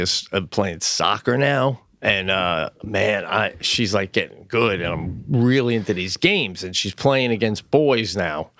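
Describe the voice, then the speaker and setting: Animated storytelling man, dry sound. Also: lowish voice, no room sound. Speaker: podcast co-host. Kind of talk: casual chat.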